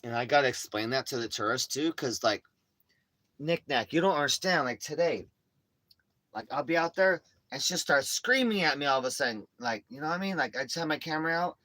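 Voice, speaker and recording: Man, casual chat to viewers, rambling and profane, bright tense voice, mid pitch. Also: animated, brisk, dry recording. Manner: rambling, profane, slangy storytelling. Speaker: streamer.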